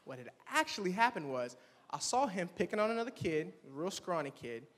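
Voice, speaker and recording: A young man from North Carolina performing a stand-up set, telling stories and acting out his friends in higher voices. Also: big pitch swings, brisk, fairly bright tone. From Swannanoa, North Carolina. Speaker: stand-up comedian. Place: campus performance hall. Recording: long hall reverb.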